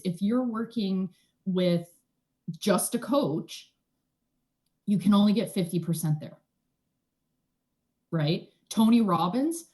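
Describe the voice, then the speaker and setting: A woman speaking as a guest in an interview, explaining things in a chatty, casual way and often checking in with "right?". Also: mid-range voice. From Canada. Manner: chatty, often tags "right?", animated asides. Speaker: energy healer, guest.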